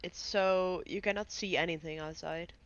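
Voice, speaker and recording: Halting player on a dull, dry mic. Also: mid-range voice, steady tone, fairly bright tone, dry recording. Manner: halting, unsure replies. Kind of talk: in-character answers in a tabletop game.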